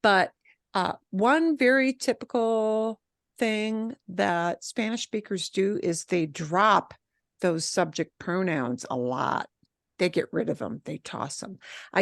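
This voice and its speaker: Woman, Spanish teacher, emphatic, lively, repeats examples, dry close sound. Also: on the low side, gravelly, no echo. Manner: animated, emphatic, switches between English and Spanish examples. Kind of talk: online class instruction.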